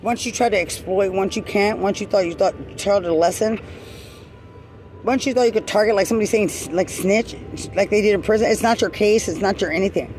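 A man with a high voice delivering a furious, repetitive rant, hurling accusations and curses. He talks outdoors in a built-up area, with clear music playing behind him. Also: a little fast, a little mellow. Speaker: person ranting at someone. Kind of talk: angry confrontational rant.

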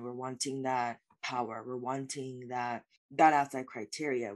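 A woman speaking as a life coach guest in an interview, answering in an earnest, reflective way with many "like" fillers. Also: extremely low pitch.

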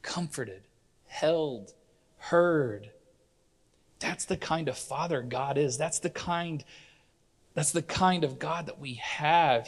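A man's voice: medium pitch, a bit bright. A middle-aged man preaching a sermon in church, earnest and conversational, often restarting his sentences. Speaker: pastor.

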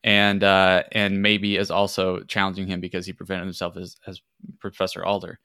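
Bright-voiced man narrating as game master. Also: low voice, monotone, moderate pace, smooth, dry recording, studio quality. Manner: casual, lots of ums and restarts.

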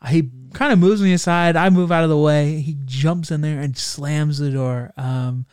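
A man's voice: on the high side, steady tone, normal speed, darkish tone, smooth, no room sound, clean studio sound. A young man in casual chat, animatedly telling a funny travel story and acting out the people in it.

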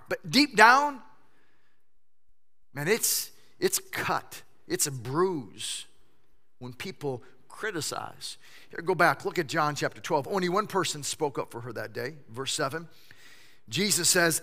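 A male pastor preaches with a bright, forceful edge and a voice pitched a little high. His delivery is lively storytelling, and he slips into quoted voices along the way. The sound rings with a long reverb from a church sanctuary. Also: normal speed. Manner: animated storytelling preacher who acts out quotes. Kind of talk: sermon.

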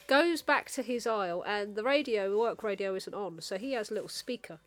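A woman co-hosting a podcast, telling work stories in a casual, animated way and often breaking into laughter. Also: medium pitch, a little fast, no echo, soft background music. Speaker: podcast co-host. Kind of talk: casual chat.

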